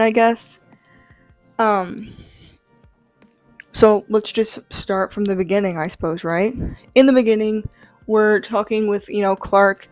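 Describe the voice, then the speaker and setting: A woman's voice: medium pitch, a little mellow, no room sound. Rambling woman chatting about comics. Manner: rambling, full of "like" and "um". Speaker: comic book reviewer. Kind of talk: casual chat.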